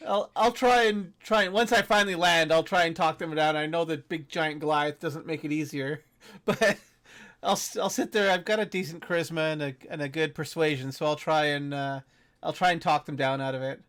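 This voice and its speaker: Man, tabletop player, friendly and halting, high voice. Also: steady tone, a bit bright. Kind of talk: in-character tabletop play.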